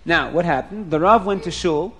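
Brief: male storyteller, high voice, lively anecdote delivery with frequent chuckles. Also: moderate pace, a little hiss or hum. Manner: lively, chuckling often, repeats words. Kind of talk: animated storytelling.

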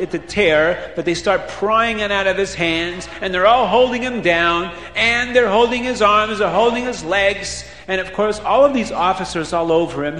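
A man's voice: high voice, a little hiss or hum. A man telling a children's story, acting out the characters' voices with lots of expression. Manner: animated, acts out characters' voices. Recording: echoey hall with faint ambience.

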